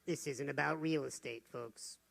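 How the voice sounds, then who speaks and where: A man's voice: medium pitch, moderate pace, creaky, a bit bright. A man giving a motivational talk to a live audience, telling stories and putting questions to the crowd. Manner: storytelling, asks the audience questions. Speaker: motivational speaker.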